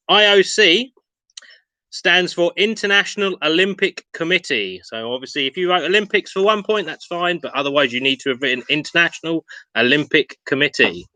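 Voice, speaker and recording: A man's voice: a little high, expressive, normal speed, bright, forceful tone, no room sound, poor audio. A man hosting an online pub quiz, reading questions and answers with chatty, self-mocking asides. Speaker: quiz host.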